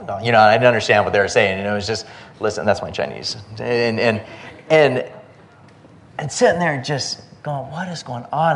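A man's voice: fairly low pitch, slight background noise. A man preaching a sermon in a conversational, storytelling way. He often restarts his sentences and tells personal anecdotes. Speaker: pastor.

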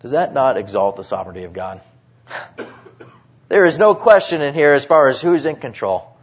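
A man delivers a sermon in a husky voice of middling pitch. He drops to near-murmurs and then rises into emphatic, drawn-out stresses. The recording sounds dull and lo-fi. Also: lively intonation. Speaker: preacher.

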